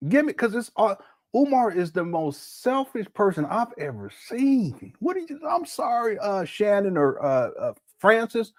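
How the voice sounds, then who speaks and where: A man with a high voice hosts a casual reaction commentary, very animated though a little slow. He jokes and laughs while firing off incredulous rhetorical questions.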